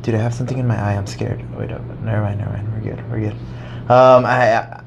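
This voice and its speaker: A man's voice: fairly low pitch, flat delivery, fast talker, gravelly, slight background noise. A young American man co-hosting a podcast and telling a rambling story, laughing as he goes. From United States. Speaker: podcast co-host. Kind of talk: casual chat.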